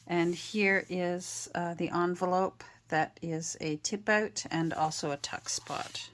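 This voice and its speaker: A woman artist narrating a casual show-and-tell of her handmade journals, talking gently and meandering with frequent ums and uhs. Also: fairly low pitch, fairly even intonation, slow pace.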